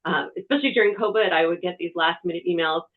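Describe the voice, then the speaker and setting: A TV reporter presenting a webinar, giving practical media-training advice in a conversational way, from a quiet room. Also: medium pitch, fast talker. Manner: conversational, talks with hands. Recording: tinny phone-like webinar audio.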